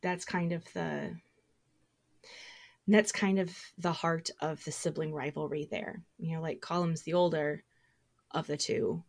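A woman's voice: deep voice, steady tone, a little mellow. A woman co-hosting a podcast, chatting casually in an emphatic, playful way. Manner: emphatic, playful, quick to laugh. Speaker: podcast co-host. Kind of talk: casual fan discussion.

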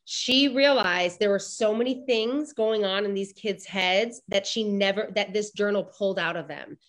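A woman's voice: medium pitch, normal speed. A woman guest on a podcast, talking earnestly and upbeat about her work with schools. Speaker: guest author. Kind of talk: casual interview chat.

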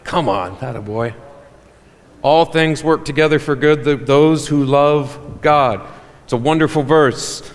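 Joking pastor in a reverberant hall. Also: male voice, fairly high pitch, a little slow. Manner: animated, joking with the congregation. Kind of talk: sermon. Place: church hall.

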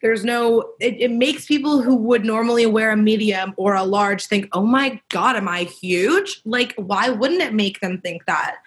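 A woman's voice: a little high, moderate pace, few pauses. A woman co-hosting a casual panel chat, talking frankly and reflectively with many fillers. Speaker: podcast co-host.

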